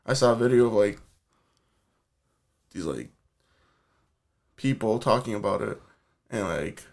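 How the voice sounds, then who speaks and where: A man's voice: on the low side, expressive, measured pace. A man co-hosting a sports podcast, chatting casually and rambling with lots of filler words and jokes. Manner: rambling, many "like" fillers, joking. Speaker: podcast co-host. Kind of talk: casual banter.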